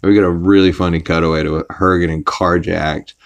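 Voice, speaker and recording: Deep-voiced man rambling through a recap. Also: little pitch movement, lo-fi sound. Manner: rambling, with fillers and quick put-on voices for quotes. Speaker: podcast host. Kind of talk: casual episode recap.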